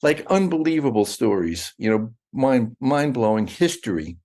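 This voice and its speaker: A man's voice: medium pitch, big pitch swings, moderate pace, darkish tone. A middle-aged man talking as a guest in a casual interview, rambling and restarting his sentences often. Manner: rambling, with many restarts and fillers.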